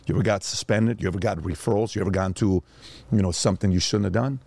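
A middle-aged man with a fairly low voice tells stories and fires off blunt rhetorical questions like a motivational speaker. His delivery is preachy and pointed. The sound is dry and close-miked. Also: fast talker, gravelly, darkish tone, dry recording. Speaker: guest. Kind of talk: animated storytelling and rapid questioning.

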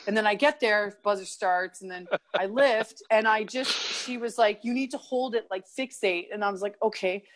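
A woman's voice: medium pitch, normal speed, hardly any pauses, fairly bright tone. A young woman from Canada, a guest in a casual interview, telling stories animatedly, acting out quotes and laughing often. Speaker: guest, kettlebell athlete.

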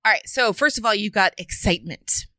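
Bright-voiced woman in casual chat. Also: fairly quick, no echo, clean studio sound. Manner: playful, laughs often, dips into a low sultry voice. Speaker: podcast co-host.

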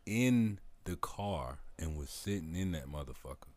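A man's voice: low-pitched, animated, a little slow, darkish tone, no echo. A man chatting casually, reacting and asking short questions. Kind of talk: casual chat.

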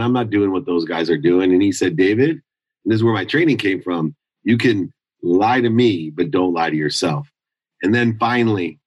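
A man's voice: deep voice, no echo, dull audio. A middle-aged man telling a candid life story in an interview, intense and confessional, acting out the people he quotes. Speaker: guest.

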